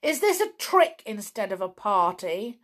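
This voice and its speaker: A woman's voice: medium pitch, very animated, a little slow, fairly bright tone, pitched above the performer's own voice. A woman voicing a cross male toy in a storybook reading, indignant in tone. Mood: angry.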